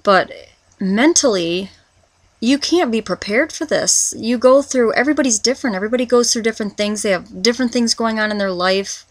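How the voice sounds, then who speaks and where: In a confessional vlog, a twenty-something woman halts and restarts repeatedly while searching for words, her speech rambling. She has a slightly high voice, with no echo on the audio.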